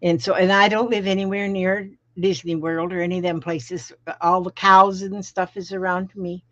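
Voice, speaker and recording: This middle-aged woman from Florida speaks at a normal speed in a fairly low, level tone. She's hosting a crafting live stream from home, rambling in folksy, casual chat and welcoming viewers by name. Her audio is dull lo-fi stream sound, dry with no room sound.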